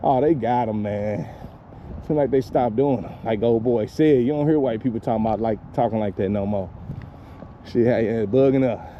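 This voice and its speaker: Strolling outdoors by a lake, a dad films a loose, casual vlog on a handheld phone, cursing and cracking himself up along the way. He has a medium-pitched voice at a moderate pace, captured in muffled audio with a little hiss or hum.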